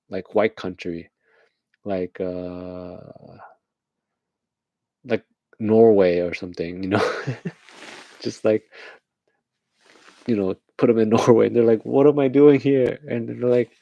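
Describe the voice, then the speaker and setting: Gravelly low-voiced man rambling late at night. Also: mellow, no echo. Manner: rambling, laughing at his own jokes, acting out voices. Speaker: host. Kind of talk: late-night casual rant.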